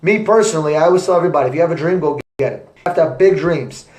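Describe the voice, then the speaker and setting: A young man, an entrepreneur, giving an energetic motivational talk to camera with repetitive, punchy phrasing. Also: a little high, rapid-fire. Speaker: entrepreneur vlogger. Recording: echoey room.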